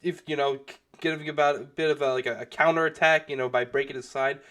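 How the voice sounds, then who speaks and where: A young man with a fairly high voice talks through a video in loose, casual commentary. He rambles, leans on filler phrases, restarts his sentences and swears freely. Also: fairly even intonation, quick pace, a bit bright. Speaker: commentary youtuber.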